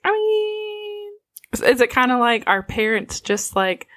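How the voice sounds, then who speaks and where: Young woman with deadpan quips. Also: high-pitched, unhurried. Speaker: podcast co-host. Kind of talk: casual chat.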